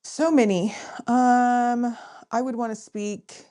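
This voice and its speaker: A woman's voice: fairly high pitch, fairly even intonation, takes it slowly, warm tone. A woman co-hosting a casual podcast, telling stories with lots of swearing and laughter. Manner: profane, laughing storyteller. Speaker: podcast co-host.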